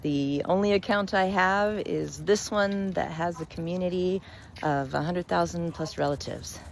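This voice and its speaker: A woman storyteller and spiritual reader, telling a fable and reflecting on it in a measured, gentle way. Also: fairly low pitch, gravelly, slight background noise.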